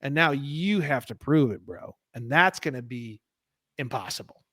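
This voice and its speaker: Animated, profane man ranting. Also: mid-range voice, normal speed, no room sound. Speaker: guest. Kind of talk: casual podcast interview.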